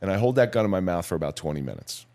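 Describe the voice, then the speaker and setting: Brief: middle-aged man, very low voice, measured and somber storytelling, plain-spoken guest. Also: animated, darkish tone. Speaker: podcast guest, police officer. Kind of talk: personal storytelling in a podcast interview.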